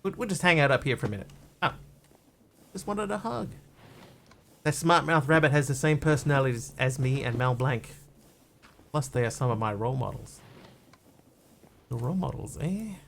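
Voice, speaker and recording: A man live-streaming a block-building game, chatting loosely with viewers as he plays and greeting new arrivals with bursts of excitement. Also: medium pitch, a little fast, long pauses, slight background noise. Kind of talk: casual game commentary.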